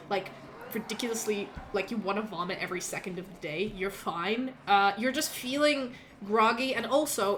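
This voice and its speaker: Bright-voiced woman running a tabletop game, loose and rambly. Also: fairly high pitch, a little hiss or hum. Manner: rambling, many fillers and restarts. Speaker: game master.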